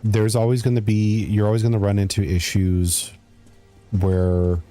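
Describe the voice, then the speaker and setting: A man's voice: fairly low pitch, little pitch movement, measured pace, warm tone, soft background music. A young man streaming a game, chatting casually, reading chat aloud and muttering as he plays. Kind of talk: casual gameplay commentary.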